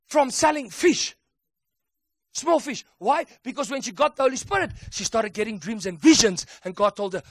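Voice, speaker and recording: A man preaching a sermon with emphatic call-and-response delivery that builds to excited shouts. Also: sits high, no room sound, studio quality.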